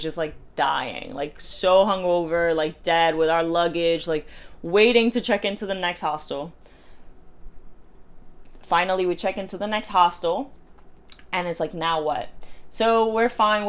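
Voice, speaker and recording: A young American woman in her twenties records a casual storytime vlog on her phone. She talks in a loose, chatty way and peppers her sentences with "like." She acts out the other people in her story as she goes. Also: lowish voice. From United States. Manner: chatty, heavy use of "like", acts out quoted voices. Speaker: vlogger.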